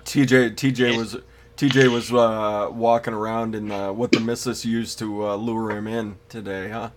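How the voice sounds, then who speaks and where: A man's voice: on the low side, little pitch movement, moderate pace. A man chatting casually as co-host, hesitant and full of fillers. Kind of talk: casual group chat. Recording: noisy line with clicks.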